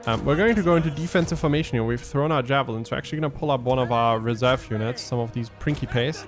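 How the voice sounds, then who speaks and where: A man giving casual gameplay commentary as a let's play host, thinking aloud and explaining his tactics with frequent ums. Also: mid-range voice.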